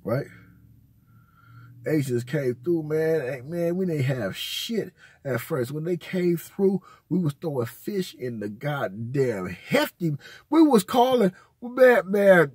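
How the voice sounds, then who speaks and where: A man's voice: a little high, lively intonation, slow pace, a little mellow, breathy edge, no room sound, clean studio sound. A man, host of his own channel, telling casual, rambling, profane stories full of slang. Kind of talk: casual storytelling.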